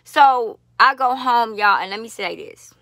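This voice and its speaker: A woman vlogger telling a long personal story to her viewers, blunt, profane and animated, with many asides to the audience. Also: on the high side, measured pace, no echo, studio quality. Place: lives in Las Vegas.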